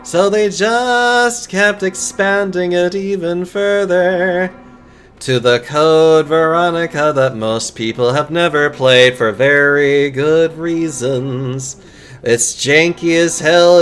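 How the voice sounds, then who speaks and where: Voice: mid-range voice, clean tone. A game streamer chatting casually while playing, swearing freely and laughing often. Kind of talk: casual live-stream chat.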